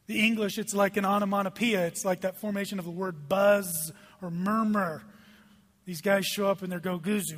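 Animated high-voiced preacher in a reverberant hall. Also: male voice, moderate pace, breathy edge. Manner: animated, emphatic preaching with dramatic drops to hushed tones. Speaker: pastor. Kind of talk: sermon.

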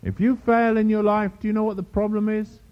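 A man preaching a sermon to a congregation, lively and teasing, mimicking other preachers' voices for humor. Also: sits high, fairly quick. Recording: dull lo-fi sermon recording.

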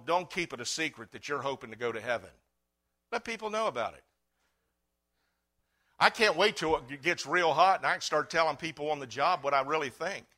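A middle-aged man preaching a sermon, swinging between loud fervent cries and quiet earnest talk. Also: a little high, animated, brisk. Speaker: pastor.

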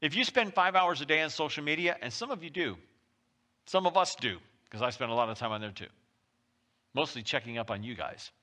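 A male pastor giving a conversational sermon, swinging between loud pushes and soft drops. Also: medium pitch, animated, fairly quick. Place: church.

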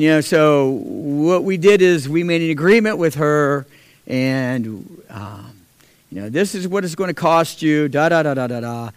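A middle-aged man telling a personal testimony to a church, animated, acting out the voices in his story and swinging from loud to hushed. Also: a little high, no room sound. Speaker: church speaker sharing a testimony.

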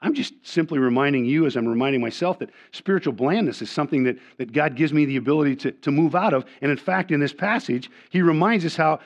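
An older man preaching a sermon as pastor. He often repeats and restarts words, and he swings between loud, emphatic lines and quiet asides. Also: a little high, fast talker, hardly any pauses. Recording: dull lo-fi sermon recording.

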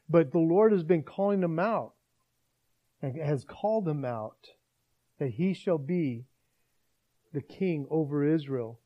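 A man preaching a sermon, retelling a Bible story as a lively storyteller. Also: a little high, takes it slowly, pauses often, muffled recording. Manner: animated storyteller acting out scenes.

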